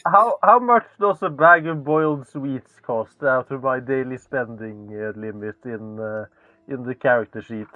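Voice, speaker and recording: A man's voice: medium pitch, unhurried, no room sound. A man playing a tabletop horror game, chatting and easily amused. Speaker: player. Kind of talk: casual tabletop chat. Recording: dry, dull lo-fi mic.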